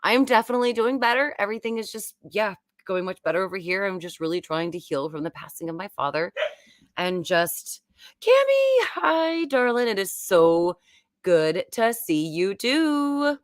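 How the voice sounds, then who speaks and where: A woman's voice: on the low side, normal speed, dry recording, clean studio sound. A woman, hosting a casual, rambling live-stream chat from home. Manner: chatty and rambling. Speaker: YouTube host.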